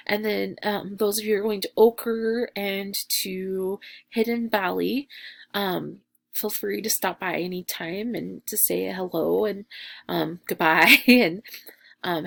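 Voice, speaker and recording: A young adult woman teacher, talking casually to her class in a recorded message, with lots of fillers and warmth toward her students. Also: mid-range voice, creaky. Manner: chatty, filler-heavy and affectionate.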